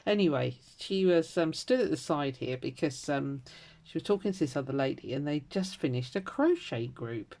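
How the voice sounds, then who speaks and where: A woman in her fifties chatting casually at home as she stitches, rambling from story to story and trailing into quiet mutters. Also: sits low, lively intonation, moderate pace, few pauses. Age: 50s. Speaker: crafter vlogger. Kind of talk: casual chat while stitching.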